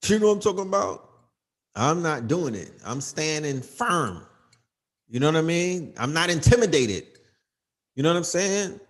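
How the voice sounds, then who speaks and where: A man hosting a livestream, ranting in an emphatic, profane, casual way, often asking "you know what I mean.". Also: a little high. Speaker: livestream host.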